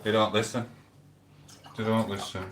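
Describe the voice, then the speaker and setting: A man's voice: fairly low pitch, flat delivery, normal speed, heavy background noise. A man, chatting and rambling through stories on a live stream, quoting back-and-forth conversations. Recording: echoey room, voice a bit far from the mic.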